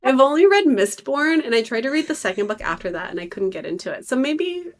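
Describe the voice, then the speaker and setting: Woman, podcast co-host, animated and lively pitch, chatty opinionated banter. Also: fast talker. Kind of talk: casual chat.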